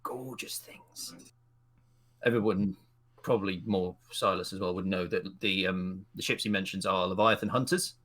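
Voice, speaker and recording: Brief: male game master, low register, casual narration of a role-playing game. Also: fairly even intonation, a little fast, hardly any pauses, bright, forceful tone. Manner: casual, chatty, slips into character voices.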